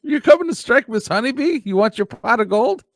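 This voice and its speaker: A man's voice: very high voice, expressive, brisk, background noise. A man hosting a comedy morning show, teasing his co-host and chuckling often.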